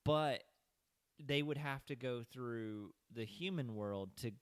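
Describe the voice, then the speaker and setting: A man's voice: mid-range voice, slow, clear, resonant tone, no echo, studio quality. A young man hosting a podcast in casual movie-review chat, retelling the plot at length with loose asides and casual swearing. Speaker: podcast host.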